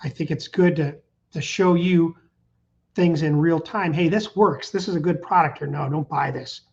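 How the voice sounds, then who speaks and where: A man's voice: on the high side, normal speed, muffled recording. Upbeat rambling man hosting a live stream. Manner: rambling, upbeat, reads out viewer comments. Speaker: channel host. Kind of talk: casual livestream chat.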